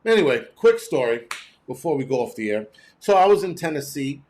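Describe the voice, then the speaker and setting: A man hosting his own show, telling a story in a blunt, profane, animated way. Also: on the high side, brisk. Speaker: host. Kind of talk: casual storytelling monologue.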